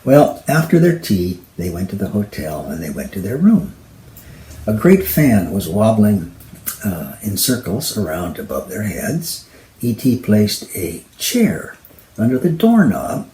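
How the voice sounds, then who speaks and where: A man's voice: on the low side, a little hiss or hum. A man telling an original travel story to an audience, voicing the characters as he goes. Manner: slow, lively, voicing characters. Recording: echoey room.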